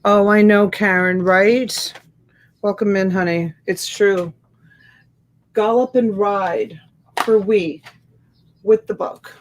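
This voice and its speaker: Slow-talking chatty woman hosting a live stream. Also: medium pitch, steady tone, slight background noise. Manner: chatty and warm, greets viewers by name and laughs often. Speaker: host of a live reseller sales stream. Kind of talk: casual live-stream chat reading viewer comments. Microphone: USB desk microphone.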